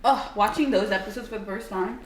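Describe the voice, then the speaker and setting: A woman's voice: medium pitch, a little fast, far from the mic, slight background noise. A young woman co-hosting a podcast, chatting playfully, echoing lines back and laughing a lot. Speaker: podcast co-host. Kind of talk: casual chat recapping a TV show.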